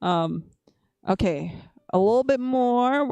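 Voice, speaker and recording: A woman's voice: mid-range voice, a little slow, a little mellow, clean tone, no echo, clean studio sound. A woman streamer telling a storytime at home in a casual, rambling way, giggling often.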